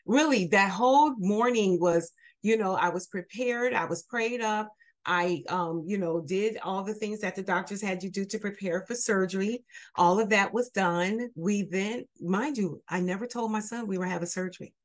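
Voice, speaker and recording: A woman sits as a guest and recounts her own story in a candid, earnest way. She pauses on fillers and restarts her sentences as she goes. Her voice sits at an ordinary middle pitch. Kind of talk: personal storytelling.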